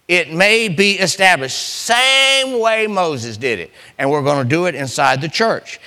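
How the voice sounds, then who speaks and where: A man preaching a sermon as pastor, restarting phrases and building to emphatic, slowed punchlines. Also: a little high, lively intonation, sharp tone.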